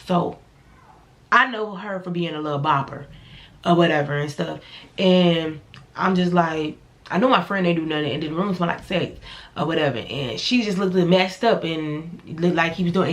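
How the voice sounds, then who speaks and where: A woman telling a personal story in a casual vlog, blunt and profane, acting out the voices of the people in it. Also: fairly low pitch. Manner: animated, blunt and profane, acts out quoted voices. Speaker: storyteller vlogger.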